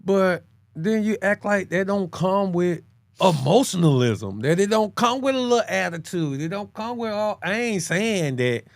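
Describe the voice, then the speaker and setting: A man co-hosting a casual chat, talking in slang, calling his listener bro, and jumping up in pitch to press his points. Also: normal speed, creaky, no echo. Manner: animated, swings his pitch high when making a point. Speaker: podcast co-host.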